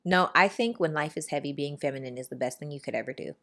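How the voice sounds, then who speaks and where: A woman hosting a podcast in casual chat, telling stories in an animated, rambling way with quick asides. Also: sits low. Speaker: podcast host.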